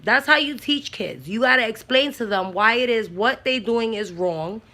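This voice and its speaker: A woman in her thirties from the Bronx, talking about raising kids in a blunt, profane, animated way. Her New is strong, her voice sits a bit high, and it has a bright, forceful edge. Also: normal speed. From the Bronx, New York. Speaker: mother and aunt sharing opinions. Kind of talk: casual talk.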